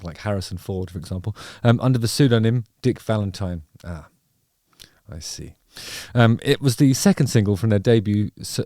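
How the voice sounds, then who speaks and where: A man's voice: fairly low pitch, mellow, no room sound, clean studio sound. A middle-aged man hosting a casual music video reaction, rambling and wry with playful digressions.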